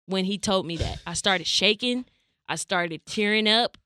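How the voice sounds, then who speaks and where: A woman's voice: mid-range voice, unhurried, clear, resonant tone, no room sound, clean studio sound. A young adult woman from California, hosting a podcast and telling a personal story in casual chat, acting out the dialogue. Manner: animated, acts out quoted dialogue. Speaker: podcast host.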